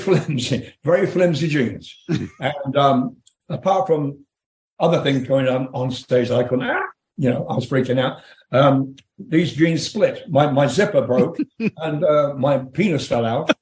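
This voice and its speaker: An older English man with an English accent tells blunt, profane anecdotes and laughs through them. His voice sits a bit high. The call audio sounds roomy, as if he is in an echoing room. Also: unhurried, a little mellow. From England. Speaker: guest rock singer. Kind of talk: storytelling interview.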